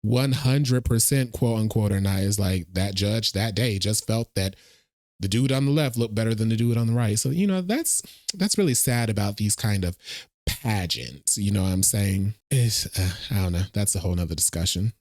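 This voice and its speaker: A man's voice: fairly low pitch, normal speed, a little mellow, no room sound, clean studio sound. A man casually reacting to a movie trailer, thinking aloud and talking to his viewers. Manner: chatty, thinks aloud, addresses viewers as y'all.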